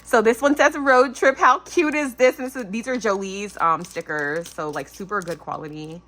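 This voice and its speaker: Gushing bright-voiced woman unboxing crafts. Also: mid-range voice, normal speed. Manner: gushing, excitable, lots of "oh my gosh". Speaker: craft channel host. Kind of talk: casual unboxing chat.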